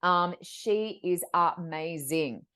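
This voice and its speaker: A woman guest, a psychic medium, telling stories in a lively conversational way, acting out quoted voices in quick bursts. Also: lowish voice, clean tone. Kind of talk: animated storytelling in conversation.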